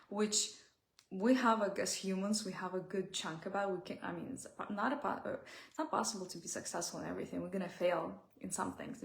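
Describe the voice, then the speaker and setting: Heartfelt woman with a gravelly edge. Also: mid-range voice, roomy sound. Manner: heartfelt, pausing to search for words. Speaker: self-help speaker. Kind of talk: reflective personal talk.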